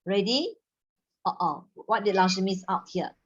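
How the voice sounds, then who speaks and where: A woman teaches a language class in a patient, instructive way, sometimes slowing right down to model the sounds. Her pitch sits in the middle of the usual range. The audio is slightly dull and lo-fi, like an online call. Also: animated. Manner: instructive, mixes in Malay words, models tones slowly. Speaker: Mandarin teacher.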